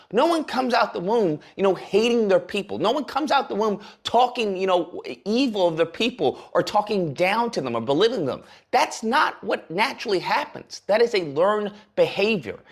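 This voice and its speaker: A man's voice: high voice, very animated, normal speed, few pauses, breathy edge. A man giving heated, sarcastic commentary on a livestream, ranting at length. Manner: heated, sarcastic, speaks in long rants. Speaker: political commentator.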